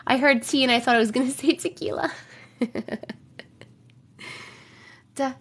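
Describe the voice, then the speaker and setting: This young woman hosting a livestream chats casually and reads viewer stories, her high voice rough from a fading cold. She talks fast with a steady, slightly bright tone, humming and scatting filler syllables while she waits.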